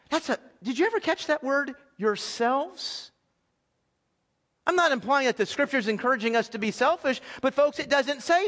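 A man's voice: extremely high pitch, lively intonation, normal speed, fairly bright tone. A man preaching to his congregation in a sermon, conversational, with rhetorical questions and frequent restarts. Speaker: pastor. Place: church hall with audience.

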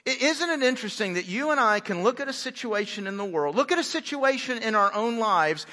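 A man's voice: sits high, lively intonation, a little fast, pushed and bright. A man preaching a sermon in a conversational, humorous way, often restarting his sentences. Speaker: pastor. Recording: long reverb of a large hall.

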